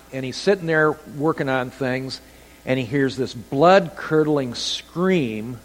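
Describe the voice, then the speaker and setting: A man preaching a sermon as pastor, telling stories with animated delivery and acting out quoted voices. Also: medium pitch. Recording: long hall reverb.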